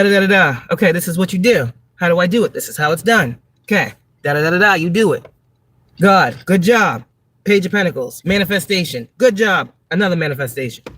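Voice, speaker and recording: A woman's voice: on the low side, fairly bright tone. Blunt, profane woman reading tarot. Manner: emphatic, repeats words for stress. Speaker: tarot reader and spiritual advisor. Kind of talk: livestream tarot reading monologue.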